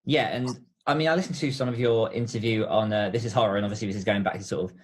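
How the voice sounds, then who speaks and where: A man hosting an interview, relaxed and laughing easily, asking questions with some hesitant fillers. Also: fairly low pitch, fast talker. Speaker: interviewer, podcast host. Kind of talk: casual interview conversation.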